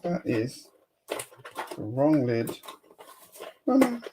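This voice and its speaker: A man's voice: medium pitch, sing-song, extremely slow, noisy background. A man hosting a casual live stream, chatting to viewers while he sorts bricks and mutters to himself. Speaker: host of a building live stream.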